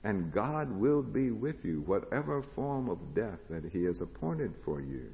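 A man with a fairly low voice preaches a sermon in a big reverberant hall, on a dull, lo-fi recording. He swings from ringing proclamation down to hushed, intimate passages. Now and then he puts questions to his listeners. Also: big pitch swings, measured pace. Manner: rises to loud proclamation, drops to hushed tones; asks the congregation questions.

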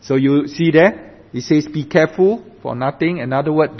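Slow emphatic male pastor, echoing hall. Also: mid-range voice. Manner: slow and emphatic, often asks "right?". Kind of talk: sermon. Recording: dull recording with long hall reverb.

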